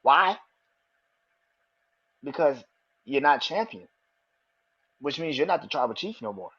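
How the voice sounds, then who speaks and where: A man hosting a podcast, talking excitedly and with a lot of swearing, repeating his predictions for emphasis. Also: medium pitch, husky, highs cut off. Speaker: podcast host. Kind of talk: casual wrestling commentary.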